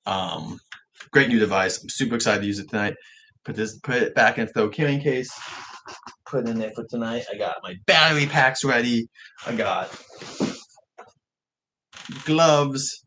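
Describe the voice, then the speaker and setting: A young man whose R's come out soft, like W's, chatting casually on a livestream vlog with frequent restarts. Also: fairly low pitch, slight background noise. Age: young adult. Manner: rambling, self-correcting talk with frequent restarts. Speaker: livestream vlogger.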